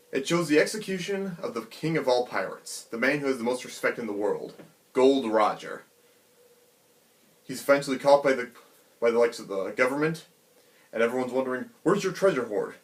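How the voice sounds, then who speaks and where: A man casually retelling a comic chapter in an animated, chatty way, acting out the characters' quotes. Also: mid-range voice. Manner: animated, chatty, many fillers. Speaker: manga reviewer.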